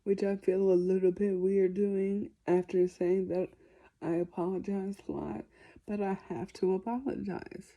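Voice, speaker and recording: A woman's voice: mid-range voice, level tone, measured pace, dull audio. A woman answering viewer questions in a casual vlog, chatty and self-deprecating.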